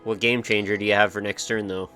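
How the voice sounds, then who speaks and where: A man's voice: fairly low pitch, flat delivery, fast talker, pushed and bright, faint music behind. A young man chatting casually over a card game, teasing the others and telling stories with animation. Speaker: player.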